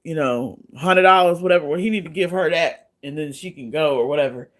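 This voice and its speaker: A woman's voice: low-pitched, a little fast. A woman hosting a livestream, giving casual gossip commentary in a blunt, profane, chatty way and laughing often. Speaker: livestream host.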